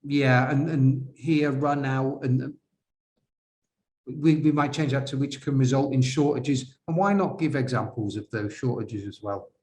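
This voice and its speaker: Male IELTS examiner, unhurried, hesitant delivery, teacherly questions to the class. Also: medium pitch, darkish tone, a little hiss or hum. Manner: slow, hesitant, questions to viewers. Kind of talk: classroom-style essay correction.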